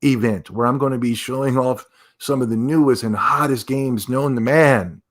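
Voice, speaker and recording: A man's voice: medium pitch, normal speed. Male streamer, mid-range voice, rambling sarcastic reaction commentary. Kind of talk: casual commentary.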